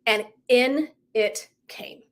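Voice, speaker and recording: A woman's voice: fairly high pitch, drawn-out words. A middle-aged woman coach talking casually and earnestly on a livestream, full of "like" and "right?". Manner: chatty, heavy use of "like", earnest and emotive. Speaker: wellness coach.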